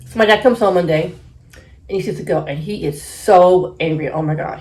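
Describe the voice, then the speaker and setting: A chatty woman in her thirties talks to the camera between bites of food. Her voice sits a little low, and she laughs often. She acts out quoted lines in a louder voice. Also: normal speed. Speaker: mukbang host. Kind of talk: casual storytelling while eating.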